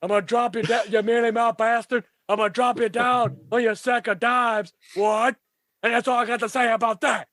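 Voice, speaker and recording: A man voicing a brash Southern tough-guy wrestler, with a smoker's rasp and a gruff manner, barking short challenges. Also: extremely high pitch, steady tone, moderate pace, fairly bright tone, dry recording, studio quality, voice pushed up. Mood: blustering. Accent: American Southern (put on). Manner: gruff, barks "What?" over and over. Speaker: podcast guest. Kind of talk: comic impression.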